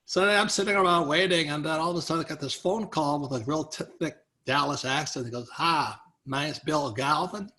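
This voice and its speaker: Bright, lively older man telling stories. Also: fairly high pitch, quick pace, few pauses. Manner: animated storyteller, acts out quoted people, chuckles often. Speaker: interview guest, author. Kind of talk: storytelling in a conversational interview.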